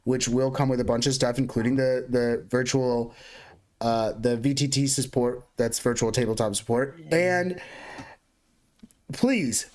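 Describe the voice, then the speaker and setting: A man's voice: medium pitch, fairly even intonation, moderate pace, a little mellow. A man hosting a tabletop game stream, rambling through casual sign-off plugs with a laugh and the odd swear. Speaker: host.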